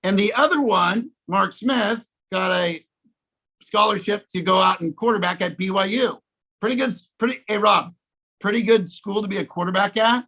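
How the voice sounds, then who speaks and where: A man with a fairly high voice tells a casual story on a video call. He is animated, restarts his sentences and keeps checking in with his listeners. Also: moderate pace, rough recording. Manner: animated, restarts often, repeats "okay?". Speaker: guest speaker in a sales coaching session.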